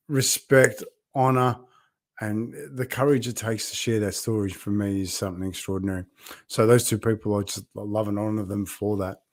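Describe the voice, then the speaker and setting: A man's voice: on the low side, no echo, studio quality. A middle-aged man talking in a heartfelt, rambling way on a casual live video diary, laughing often and greeting viewers by name. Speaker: vlogger and builders' coach.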